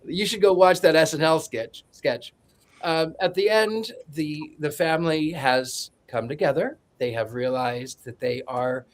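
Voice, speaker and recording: A man on a podcast panel giving a joking, rambling film synopsis in a sarcastic, playful way. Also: on the high side. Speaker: podcast co-host.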